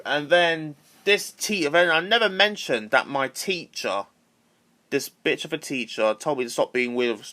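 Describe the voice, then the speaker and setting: Bright-voiced guy ranting. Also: fairly high pitch. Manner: ranting, repetitive, swears freely. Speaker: vlogger. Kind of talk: casual rant to camera.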